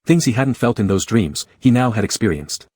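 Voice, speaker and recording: A man narrates a romance comic story in a steady, even read. His voice is low and husky. The recording is close and dry. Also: normal speed, no echo.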